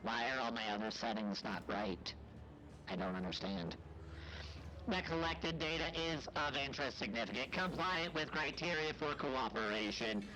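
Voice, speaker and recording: A man's voice: medium pitch, normal speed, bright, forceful tone, slight background noise, poor audio. Man doing a filtered cold machine envoy. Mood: formal. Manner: stiff, clipped formal phrasing. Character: cold formal machine intelligence, male, fleet envoy. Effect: voice-changer filter. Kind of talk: in-game voice acting on a stream.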